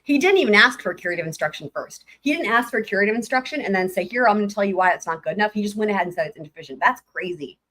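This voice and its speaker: Woman, live-stream legal commentator, casual and animated, mid-range voice, reads filings aloud with exasperated asides. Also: mid-range voice, rapid-fire, few pauses.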